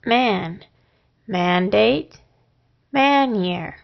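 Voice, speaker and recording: A woman teaching a phonics lesson, sounding out syllables and words one at a time with long pauses between them. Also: mid-range voice, gravelly. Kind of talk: slow, deliberate phonics lesson. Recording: dull lo-fi recording.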